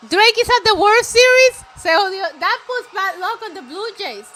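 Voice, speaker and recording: A woman streamer reacting live to a wrestling show, excitable and swearing, often shouting at the action. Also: very high voice, normal speed. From Puerto Rico. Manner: excitable, profane, shouts at the screen.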